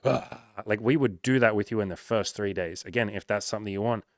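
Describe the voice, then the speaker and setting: A man in his thirties giving blunt dating advice to a viewer, swearing freely and breaking into loud hyped-up bursts. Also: fairly low pitch, quick pace, no room sound. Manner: swears often, loud bursts of hype, calls listener bro. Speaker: dating coach. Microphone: home microphone. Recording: dry close mic, some noise.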